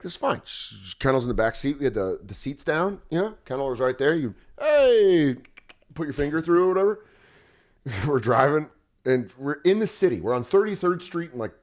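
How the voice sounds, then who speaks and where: Animated man telling stories, swearing freely. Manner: animated storyteller, puts on squeaky voices for his dog. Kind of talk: casual comedy podcast chat.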